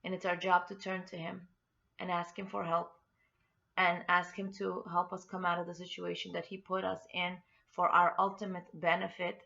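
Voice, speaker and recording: A woman's voice: on the low side, completely flat delivery, moderate pace, vocal fry, bright, forceful tone. A woman hosting an inspirational podcast, telling a story with earnest, heartfelt faith encouragement. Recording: dull lo-fi recording.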